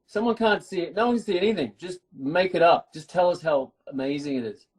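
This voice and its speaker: A man's voice: a little high, brisk, husky, low-quality recording. A man actor bantering playfully on a live video call, teasing and joking. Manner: teasing, jokey, banters freely. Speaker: actor co-hosting a live stream.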